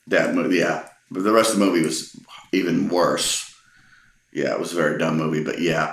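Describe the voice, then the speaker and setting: Deep-voiced man rambling through an anecdote. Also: normal speed. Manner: relaxed, amused, rambling with restarts. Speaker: storyteller. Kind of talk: casual personal anecdote. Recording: roomy echo.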